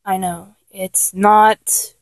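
A woman's voice: medium pitch, fairly even intonation, extremely slow, no echo. A woman playing a flustered young lover who keeps trying and failing to act dominant, in a comedic audio role-play, talking in an exasperated, self-correcting way.

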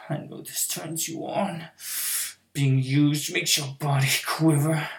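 A teasing, domineering girlfriend, as a woman acts her out in an adult audio role-play. Her gravelly voice purrs and murmurs, often sinking to a whisper between low chuckles, and she speaks slowly. The room around her rings with echo. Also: steady tone. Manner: teasing, purring, drops into soft whispers, frequent low laughs.

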